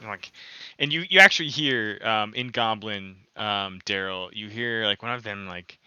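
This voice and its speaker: A man's voice: on the low side, normal speed, sharp tone, clean tone, dry recording. A man narrating as game master of a tabletop game, rambling with many fillers. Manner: rambling, lots of "like".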